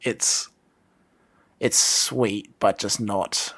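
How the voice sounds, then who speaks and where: Hesitant man, lowish voice. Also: steady tone, extremely slow, fairly bright tone, breathy edge. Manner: hesitant, searching for words. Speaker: podcast co-host. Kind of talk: casual chat.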